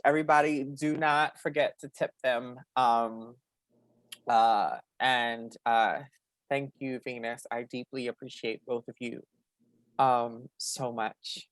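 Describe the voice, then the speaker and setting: Slow, chatty event host with many ums. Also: medium pitch, fairly even intonation, dry recording, studio quality. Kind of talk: casual chat.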